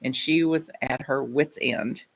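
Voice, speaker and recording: A woman's voice: very deep voice, fairly even intonation, unhurried, husky. A woman minister giving a reflective sermon, telling personal stories in a conversational way.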